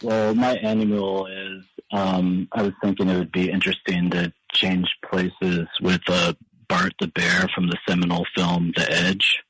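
Deep, husky deadpan male caller. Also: a little slow, no room sound, low-quality recording. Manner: dry, deadpan humor. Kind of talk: casual phone-in chat.

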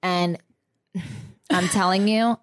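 Chatty young woman with a low voice. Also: steady tone, drawn-out words. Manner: chatty, laughs often. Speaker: podcast co-host. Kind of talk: casual chat.

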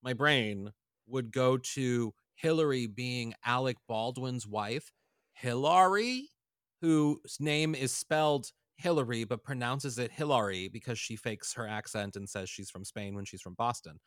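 A man's voice: medium pitch, measured pace, clean tone, no echo, clean studio sound. Playful, tangent-prone male podcast host. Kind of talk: casual chat.

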